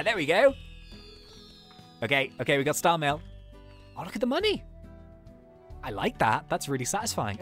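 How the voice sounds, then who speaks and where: A let's-play host chatting excitedly through gameplay, laughing often and reacting out loud. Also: mid-range voice. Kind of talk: casual gameplay commentary.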